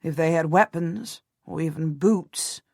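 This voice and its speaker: A woman reading the quiet, murmured asides of a wry English nobleman husband in an audiobook. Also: low-pitched, measured pace, vocal fry, dry recording, studio quality, exaggerated voice. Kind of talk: audiobook narration.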